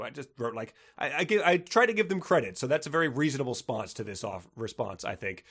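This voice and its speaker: A man's voice: mid-range voice, lively intonation, quick pace, hardly any pauses, a bit bright, husky. A man co-hosting a comedy book podcast, chatting casually, laughing often and reading passages aloud with mock drama. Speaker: podcast co-host.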